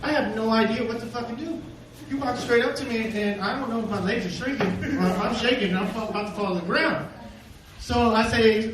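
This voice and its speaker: A man's voice: high voice, recorded from a distance. Man, stand-up comic, swears a lot, self-deprecating, echoey club, audience laughter. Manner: rambling, self-deprecating, swearing, with quick asides. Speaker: stand-up comedian. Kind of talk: stand-up comedy set. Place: comedy club stage. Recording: echoey club, heard from afar, noisy.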